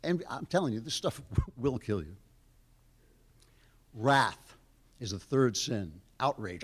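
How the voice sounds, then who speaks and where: Older American male lecturer, middle pitch, emphatic and sarcastic. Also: big pitch swings, slow pace, pauses often, slightly rough. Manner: emphatic, punchy one-word headings, sarcastic asides. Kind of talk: speaking at a lecture.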